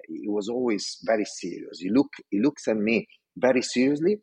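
A man's voice: on the low side, fairly quick, husky. A middle-aged man from Italy, a design executive telling a story with passion. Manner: passionate, animated. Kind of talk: storytelling talk.

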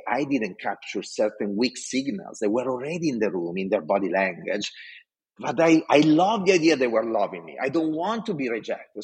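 A man's voice: medium pitch, husky. A man from Italy with an Italian accent, telling a story about his career with passion and acting out the dialogue. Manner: passionate, acts out quoted dialogue. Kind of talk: animated storytelling.

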